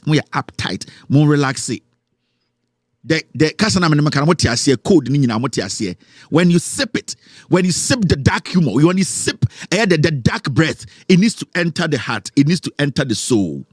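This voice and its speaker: A Ghanaian man hosting a talk show, giving animated, mocking commentary and mixing English with Twi. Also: fairly high pitch, moderate pace, husky, no room sound, studio quality.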